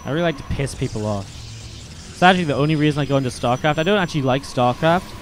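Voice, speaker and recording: Faint music plays behind this StarCraft caster and streamer as he talks quickly in a medium-pitched voice. Sitting at his desk microphone, he mixes loose chat with game commentary, rambling, cursing freely, and leaning on fillers.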